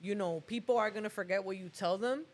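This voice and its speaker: Podcast host, relaxed interviewer, mid pitch, talks loose with lots of fillers. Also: fast talker. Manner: casual, full of "like" and "you know what I'm saying". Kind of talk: casual interview chat.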